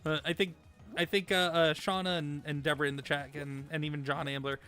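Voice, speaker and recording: Excitable male streamer, high and bright, cheering on teammates live. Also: a little fast, clear, resonant tone, faint music behind. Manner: excitable, cheers on teammates, repeats words when flustered. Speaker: streamer host. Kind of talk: live gameplay commentary and chat reading.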